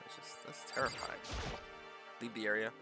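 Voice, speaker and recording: A man's voice: fairly low pitch, fairly even intonation, normal speed, loud music behind the voice. A man playing a video game, reading the narration aloud and adding loose, joking asides. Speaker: gamer reading a visual novel. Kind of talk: let's play commentary and reading.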